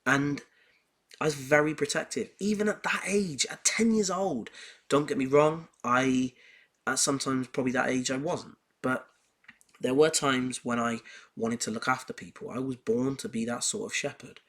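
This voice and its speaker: A young man with a medium-pitched voice, hosting a podcast. He talks casually and heats up as he tells personal stories. He repeats his points for emphasis. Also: steady tone, normal speed, a bit bright. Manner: emphatic, heated storytelling with repetition. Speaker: podcast host. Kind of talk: casual monologue on self-improvement.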